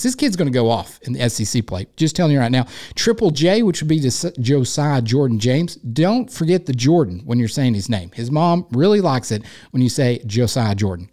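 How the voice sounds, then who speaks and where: A man's voice: fairly high pitch, dark tone. Rambling, jokey East Tennessee man hosting a podcast. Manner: rambling, jokey, self-deprecating. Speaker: podcast host. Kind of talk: casual sports podcast monologue.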